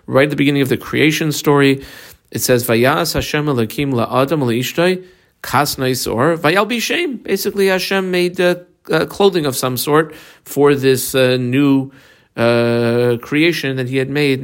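A man's voice: medium pitch, creaky. A man teaching a Talmud class, reading each Hebrew or Aramaic phrase aloud and then explaining it in English. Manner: guides students through marking the text.

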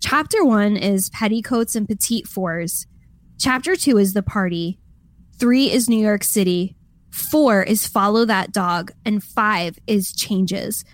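A woman co-hosting a podcast in casual chat, animated and quick to laugh. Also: medium pitch, no room sound. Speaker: podcast co-host.

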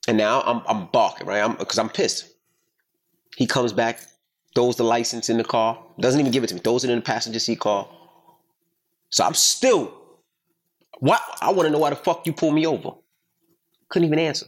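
A middle-aged man hosting a casual podcast chat, telling a story in an emphatic, profane, animated way. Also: mid-range voice, a little fast, pauses often. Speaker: podcast host.

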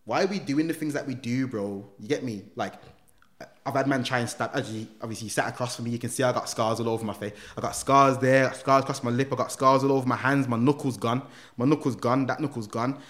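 A man, a guest in a podcast interview, telling his life story in street slang with lively quoted dialogue. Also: medium pitch, fast talker. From England. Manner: street slang, animated retelling with acted quotes. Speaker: guest, reformed gang member.

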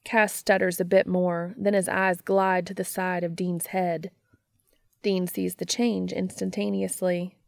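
A woman reads a fan fiction story aloud at a slow, unhurried pace. Her low voice carries a gravelly fry, and the recording is close and dry. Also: little pitch movement, no echo. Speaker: narrator.

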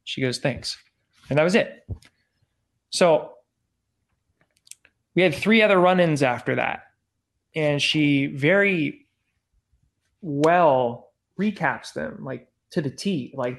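A young man telling a story casually, acting out dialogue with lots of filler words and swearing. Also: fairly high pitch. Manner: animated, acts out quotes, frequent "like" and swearing. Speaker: former celebrity photographer.

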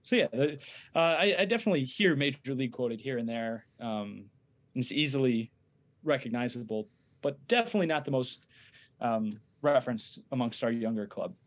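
A young adult man, a guest on a casual movie podcast, talking in a measured, agreeable way. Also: medium pitch, lively intonation, dull audio.

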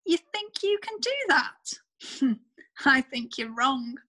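A woman's voice: high-pitched, very animated, slow, sharp tone, heavily acted. Mean little storybook cow, read by a woman, scornful and nagging. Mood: taunting. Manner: scornful, belittling taunts.

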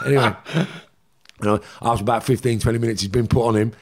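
A man's voice: medium pitch, expressive, quick pace. A man, a guest in a casual interview, telling a story animatedly and swearing often while he acts out what others said.

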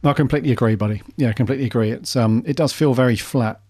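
A man's voice: medium pitch, racing, warm tone, slightly rough. A man co-hosting a casual podcast, easygoing and agreeable. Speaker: podcast co-host. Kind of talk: casual chat.

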